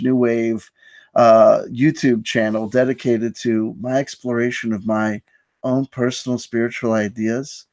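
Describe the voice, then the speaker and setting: A man's voice: mid-range voice, darkish tone, dry recording. A man hosting a live online stream, telling a story in a mock-grandiose, self-mocking way. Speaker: host. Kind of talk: casual live-stream chat.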